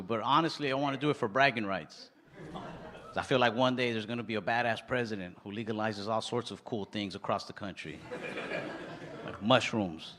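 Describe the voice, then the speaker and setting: A man's voice: fairly low pitch, moderate pace, bright, forceful tone, distant mic, slight background noise. A man in his twenties doing stand-up comedy, with a laid-back, mumbly delivery and stammered restarts. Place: comedy club stage. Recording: roomy live club recording with crowd laughter.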